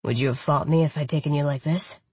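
A woman's voice: steady tone, fast talker, a little mellow, husky, no echo. A woman voicing a smug, sultry man. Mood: sultry low. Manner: low sultry teasing delivery. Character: smug, confident adult male lover.

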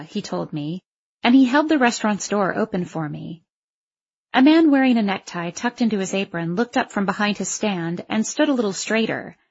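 A woman's voice: mid-range voice, slightly rough, dull audio. A woman narrating a first-person story aloud, in a wry, self-conscious voice. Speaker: audiobook narrator.

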